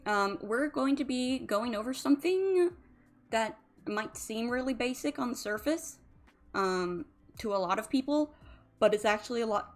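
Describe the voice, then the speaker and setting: A woman's voice: on the high side, lively intonation, moderate pace. A woman, a drowsy, yawning streamer who rambles casually about emotions with lots of fillers. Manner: rambling, chatty, many fillers. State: sleepy, yawning.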